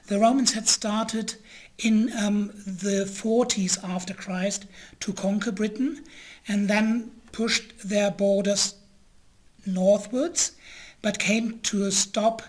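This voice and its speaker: A man whose first language is German, giving an online history lecture in a hesitant way, with many pauses and an occasional throat-clear. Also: high-pitched.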